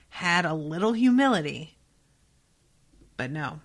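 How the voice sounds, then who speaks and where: A woman hosting a casual book-reaction podcast, reading passages aloud and reacting with expressive, profane outbursts. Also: medium pitch, measured pace. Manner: expressive and profane, swings between quiet reading and excited outbursts. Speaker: podcast host.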